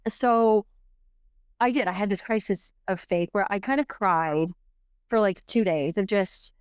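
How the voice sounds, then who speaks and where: A middle-aged woman tells a personal story as a podcast guest, and her talk rambles with many restarts and fillers. Her voice is smooth and clear, and the close microphone keeps it dry and present. She sits at a middle pitch for a woman. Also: measured pace, dry recording. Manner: animated, rambling, full of restarts and "like".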